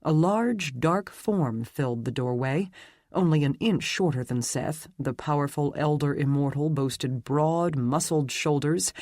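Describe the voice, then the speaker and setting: A man narrating a dark fantasy romance audiobook in a steady, even reading. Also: on the high side, dry recording, clean studio sound. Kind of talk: scripted narration.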